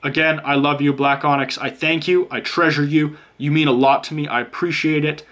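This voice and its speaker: Man, fairly high voice, animated, sarcastic, joking tarot reader, casual swearing. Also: brisk. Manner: swears casually and addresses the viewer directly. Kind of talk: pick-a-card tarot reading.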